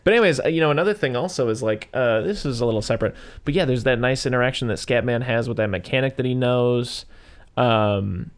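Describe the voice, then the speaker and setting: A man's voice: mid-range voice, fast talker, smooth. A man in casual conversation recapping a movie, rambling with fillers and casual swearing. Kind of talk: casual film discussion.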